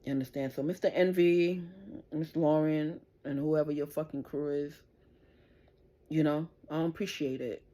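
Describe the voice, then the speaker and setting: A middle-aged woman vlogger vents an angry, profane rant straight to camera, confrontationally demanding "you understand?" again and again. Her low, mellow voice keeps a fairly even intonation at a moderate pace.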